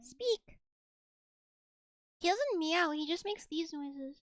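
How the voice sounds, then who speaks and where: Very high-voiced woman streamer, dry sound. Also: expressive, slow pace, no echo. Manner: coos affectionately at her cat, rambling with restarts. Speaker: VTuber streamer. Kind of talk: casual live-stream chat. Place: home.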